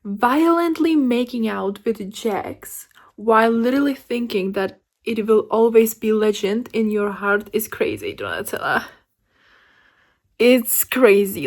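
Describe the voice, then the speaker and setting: A young woman talking casually in a reading vlog, excitable and gushing, with frequent giggles. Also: fairly high pitch, measured pace. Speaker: book vlogger.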